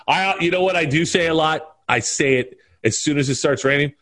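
A man's voice: a little high, fast, hardly any pauses, fairly bright tone. A man in his forties chatting casually as a podcast guest, rambling through stories and tossing out movie quotes between laughs. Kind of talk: casual chat.

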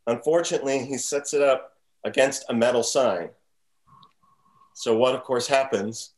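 A man co-hosting a casual podcast, retelling film scenes with lively animation. His voice sits mid-range and shifts pitch as he acts out bits of the story. The delivery is easygoing and chatty. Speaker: podcast co-host. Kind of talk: casual chat recapping a film.

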